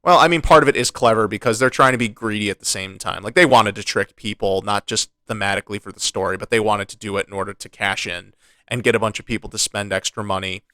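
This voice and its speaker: Bright, crisp-voiced man ranting. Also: on the low side, no room sound. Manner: frustrated, animated ranting with many restarts. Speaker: podcast co-host. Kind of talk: casual podcast chat.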